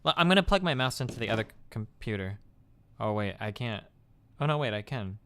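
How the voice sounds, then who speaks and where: A man's voice: on the low side, lively intonation, brisk, a bit bright, clean tone. A man streaming live, chatting offhand and crudely while reacting to clips and fighting his computer. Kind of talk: casual livestream chat.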